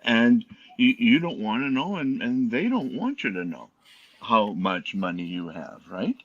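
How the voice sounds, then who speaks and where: A man from North America chatting casually in a group conversation, chatty and quick to agree. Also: mid-range voice, sing-song, fairly bright tone, muffled recording.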